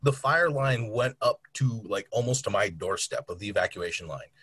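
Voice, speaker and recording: Husky-voiced man telling lively stories. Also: fairly low pitch, moderate pace, no room sound. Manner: animated storyteller, mimics people in anecdotes. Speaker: knife company employee, podcast guest. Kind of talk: casual podcast chat.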